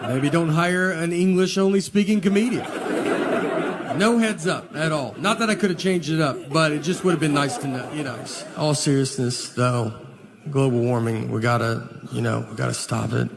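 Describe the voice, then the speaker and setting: Southern male stand-up, fairly high voice, dry deadpan delivery, live set with audible crowd noise. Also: vocal fry. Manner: slow, deadpan storytelling with trailing pauses. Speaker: stand-up comedian. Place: comedy stage with live audience. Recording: noisy live audience recording.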